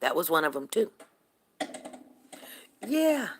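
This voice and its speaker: A middle-aged woman speaking, her voice low and gravelly. She tells a long neighborhood story in a chatty livestream manner and stops to greet viewers by name. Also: very animated, slow pace, slight background noise. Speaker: livestream host. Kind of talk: casual storytelling to live viewers.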